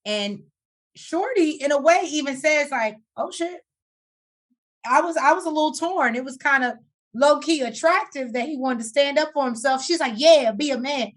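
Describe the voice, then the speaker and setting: A woman co-hosting a casual podcast, recapping a reality show with a sassy, animated manner. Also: sits high, moderate pace. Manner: animated, sassy, breaks into song and laughter. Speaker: podcast co-host.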